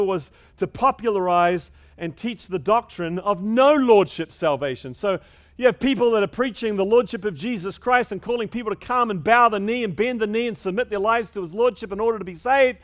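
High-voiced man preaching with emphasis. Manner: emphatic, quick asides with stammered restarts. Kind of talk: sermon.

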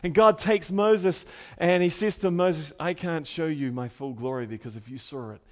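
Man, preacher, sermon, slightly higher voice, rhetorical questions, swings from hushed to shouting. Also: moderate pace. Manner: dynamic, swings from quiet to shouted emphasis; conversational asides with rhetorical questions.

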